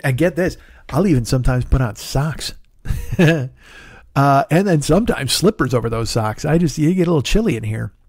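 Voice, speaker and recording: A middle-aged man hosting his podcast alone, with a hoarse, tired throat, rambling casually with profane, self-deprecating asides. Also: a little high, darkish tone, dry recording, clean studio sound. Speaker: podcast host. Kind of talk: casual solo podcast chat. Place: home studio in Los Angeles.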